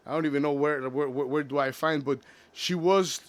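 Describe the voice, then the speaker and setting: Halting young man opening up. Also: fairly high pitch, steady tone. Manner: halting, many restarts and fillers. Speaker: vlogger. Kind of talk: personal confessional monologue.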